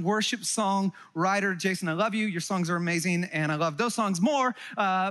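A middle-aged man from California preaching a sermon to a live congregation, animated and joking, with quick asides to the listeners. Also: high-pitched. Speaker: pastor. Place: church hall before a live congregation.

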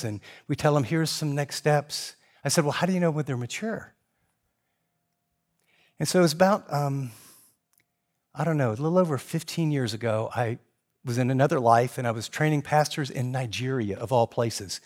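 A middle-aged man preaching a sermon as a pastor, a fast-talking and animated storyteller. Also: medium pitch.

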